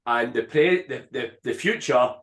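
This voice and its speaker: A man hosting a podcast, talking in a reflective, halting way and repeating words as he works through a thought. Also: mid-range voice, a bit bright. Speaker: podcast host. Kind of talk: casual conversation.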